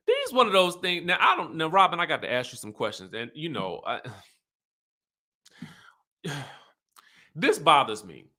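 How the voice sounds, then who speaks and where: A man hosting an online show, recapping in animated, chatty talk with emphatic asides. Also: on the high side. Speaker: YouTube host recapping reality TV. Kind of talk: casual chat.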